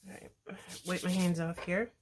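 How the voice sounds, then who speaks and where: A woman with a fairly low voice narrates a craft project as she works, chatting to her viewers. Her tone is relaxed and a little self-deprecating, and she talks to her viewers as friends. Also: normal speed, slight background noise. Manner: talks to viewers while working with her hands. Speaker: crafting video host. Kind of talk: casual tutorial narration while crafting.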